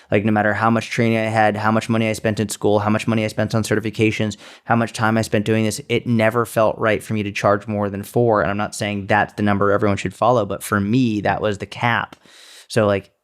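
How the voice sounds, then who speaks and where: Clear and resonant, this man's lower voice carries his casual podcast banter as co-host; he is a seminar speaker and fitness business coach. He speaks bluntly and profanely, ridiculing people with put-on quotations.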